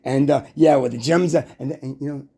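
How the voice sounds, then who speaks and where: Gravelly, husky male voice with a dark tone, rambling and preachy, full of restarts and rhetorical questions. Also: mid-range voice, fairly even intonation. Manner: halting, restarts and stammers.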